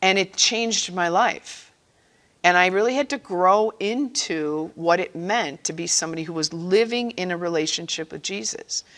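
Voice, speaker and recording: A woman's voice: lowish voice, normal speed, a bit bright. A woman giving a personal faith-sharing talk to catechists, earnest and conversational, acting out quotes as she goes. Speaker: speaker at a catechist training session.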